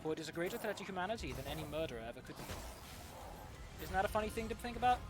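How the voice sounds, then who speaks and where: A young man streaming a game and talking casually, ranting sarcastically and swearing freely as he plays. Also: a little high. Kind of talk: casual gaming stream chat.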